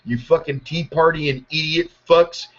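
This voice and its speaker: A podcast host delivers a profane political rant, angry and sarcastic, swearing constantly. His voice sits a little high and sounds a bit bright, with fairly even intonation at a normal speed. The audio is muffled and lo-fi.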